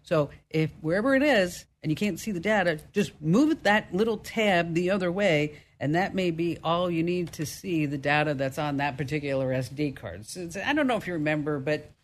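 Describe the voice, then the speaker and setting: A woman with a New Jersey accent hosting a call-in tech radio show, chatty and animated. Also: sits low, a little fast, hardly any pauses.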